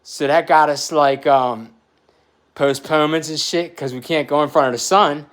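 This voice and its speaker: A man in his forties telling a story in a podcast chat, animated and profane, getting emotional as he talks. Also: fairly high pitch, normal speed. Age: 40s.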